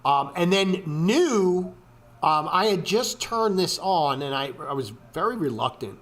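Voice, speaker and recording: A man's voice: high-pitched, expressive, a little slow, fairly bright tone. A man hosting a casual screen-share walkthrough of trading charts, talking in a profane, ranting way with lots of swearing and filler words. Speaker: trading video host.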